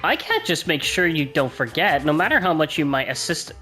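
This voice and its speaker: A woman's voice: sits low, very animated, a little fast, fairly bright tone. A woman voicing a scheming, gleeful mascot bear headmaster over game music. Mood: teasing. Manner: gleeful, teasing explanation.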